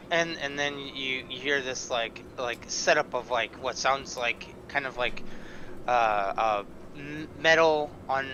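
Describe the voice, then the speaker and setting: A man's voice: mid-range voice, bright, forceful tone, muffled recording, a little hiss or hum. A man narrating as game master of a tabletop game, descriptive and rambling with frequent fillers.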